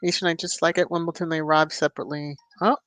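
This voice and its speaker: A woman hosts a relaxed livestream, reading viewers' comments and adding sassy, chatty remarks. She punctuates her talk with knowing hums and easy laughter. The sound is dry and close, with no room echo. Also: deep voice, fast. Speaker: livestream host.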